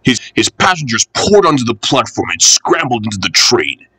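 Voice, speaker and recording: A man reading a children's railway storybook aloud, expressive and animated. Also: mid-range voice, moderate pace, breathy edge, no echo, low-quality recording.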